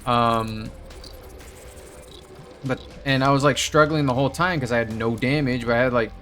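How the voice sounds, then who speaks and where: A man's voice: medium pitch, moderate pace, a bit bright. A young man casually telling a story while playing a game, rambling, swearing often and laughing. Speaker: gaming video host. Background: faint game music.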